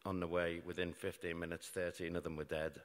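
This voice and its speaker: A man's voice: low-pitched, little pitch movement, fairly quick. A middle-aged British man telling a true story to a live audience with wry, self-mocking humour about grim events. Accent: British English. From Britain. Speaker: storyteller on stage. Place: large hall before an audience. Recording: live hall with long reverb.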